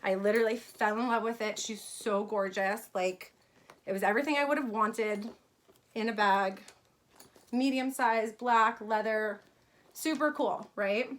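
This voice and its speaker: A woman's voice: on the high side, unhurried. A woman in her thirties from New York, telling a personal story in a casual vlog about her fashion brand, chatty with many fillers.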